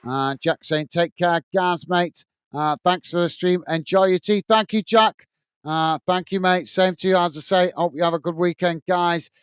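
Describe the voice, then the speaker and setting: A man's voice: sits high, fairly even intonation, moderate pace, a bit bright, clean tone, dry recording. Friendly man hosting a stream. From England. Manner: friendly, repetitive sign-offs with many "uh" fillers. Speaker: watch-along stream host. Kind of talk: casual live-stream chat, reading out viewer comments.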